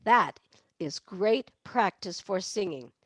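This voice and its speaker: A woman's voice: mid-range voice, expressive, slow pace, dry recording, studio quality. A woman leading a singing lesson on breathing, demonstrating with barks, meows and sung laughs. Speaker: vocal coach. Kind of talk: online voice lesson.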